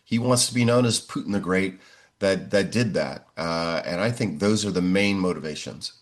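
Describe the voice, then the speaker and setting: A man in his sixties, a professor answering interview questions in a measured way, often pausing on "uh". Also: low-pitched. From United States. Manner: measured, frequent "uh" fillers.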